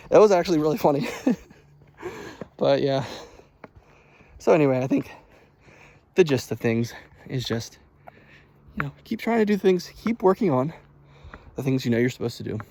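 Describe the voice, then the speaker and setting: A man's voice: fairly high pitch, animated, moderate pace, vocal fry, pauses often, mellow. A man rambling casually as he walks along a road outdoors, laughing at himself as he talks. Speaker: vlogger. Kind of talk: casual walking vlog monologue.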